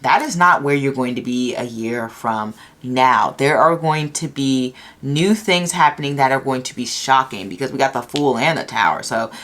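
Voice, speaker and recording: A woman with a low voice gives a casual tarot reading at home. She talks in a chatty, upbeat way, full of ums and little laughs, speaking to a camera on her desk. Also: normal speed, hardly any pauses, a bit bright. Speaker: tarot reader.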